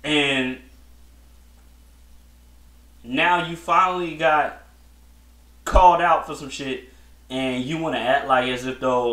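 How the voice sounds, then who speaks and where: A man's voice: mid-range voice, fairly even intonation, slow pace, long pauses, fairly bright tone. A man hosting a solo podcast, giving blunt, slangy opinions in a rambling casual chat with many restarts. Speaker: podcast host. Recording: echoey room.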